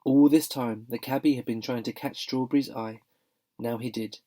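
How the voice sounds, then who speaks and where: A man's voice: mid-range voice, steady tone, normal speed, warm tone. A man reading a children's novel aloud, narrating steadily with some expression. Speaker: reader. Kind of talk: audiobook narration.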